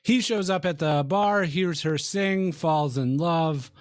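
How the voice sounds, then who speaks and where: Laid-back male co-host, unhurried and wry, dry close sound. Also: on the high side, no room sound. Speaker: podcast co-host. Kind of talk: casual movie review chat.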